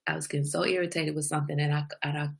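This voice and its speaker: A woman's voice: low voice, racing, creaky. A woman hosting a livestream, chatting casually with her viewers and telling candid stories with frequent laughter. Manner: animated storytelling with frequent laughter; candid, confiding. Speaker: livestream host.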